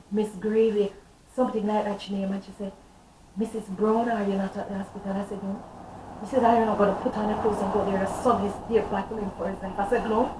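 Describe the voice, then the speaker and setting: A woman's voice: medium pitch, warm tone, a little hiss or hum. A middle-aged woman, a guest on a talk show telling her testimony with fervent, emotional storytelling. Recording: roomy echo, distant mic, faint ambience.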